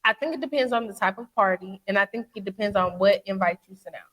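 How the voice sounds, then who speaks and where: A woman's voice: medium pitch, fast talker, big-room sound. A young woman, co-hosting a podcast in casual chat, blunt and profane as she rants. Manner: blunt, profane, animated ranting. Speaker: podcast co-host.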